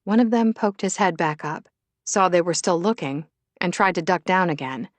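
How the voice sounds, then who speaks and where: A woman reading a romance novel aloud as an audiobook narrator, in a steady, measured voice. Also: lowish voice, no echo. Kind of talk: scripted narration.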